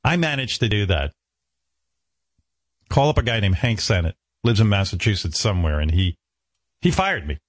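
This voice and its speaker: A man's voice: fairly low pitch, very animated, moderate pace, pauses often, dry recording. A man hosting a radio talk show, telling self-mocking comic stories and acting out other people's lines. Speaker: radio host. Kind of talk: comic storytelling chat.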